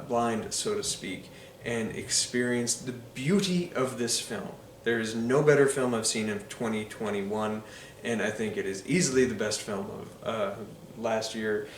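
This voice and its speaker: A man's voice: fairly low pitch, reverberant, distant mic, a little hiss or hum. A man giving enthusiastic, casual movie commentary, full of ums and uhs. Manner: enthusiastic, filler-heavy with frequent ums and uhs. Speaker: film reviewer.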